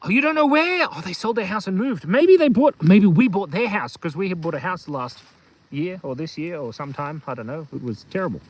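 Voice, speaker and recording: This kids' channel host hosts a casual live stream from an outdoor hilltop, his high-pitched man's voice animated and a little fast. He's goofy, rambling with fillers and cracking silly jokes. The audio is poor, with no room sound.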